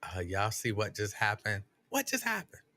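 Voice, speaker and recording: A man's voice: lowish voice, normal speed. A middle-aged man hosting a casual live stream, telling stories with mock outrage and reading viewer comments aloud. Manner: animated, exasperated storytelling with mock outrage.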